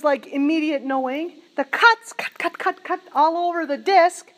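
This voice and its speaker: High-voiced woman preaching with animation. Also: normal speed, hardly any pauses. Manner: animated storytelling, laughing as she recounts a vision. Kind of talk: sermon.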